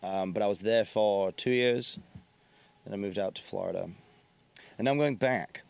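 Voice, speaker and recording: A man's voice: fairly low pitch, moderate pace, gravelly, darkish tone, clean tone, no room sound. A man with an English accent, a guest musician on a talk show, chatting in a laid-back, blunt way with dry humor. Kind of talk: casual interview chat. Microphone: studio mic.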